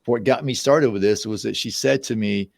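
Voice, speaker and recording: A mind-body therapist in his sixties appears as a guest in a conversational podcast interview, spinning casual, anecdotal stories from his life with occasional restarts. He speaks at a moderate pace in a gravelly, darkish voice on the low side. The studio-quality sound has no echo.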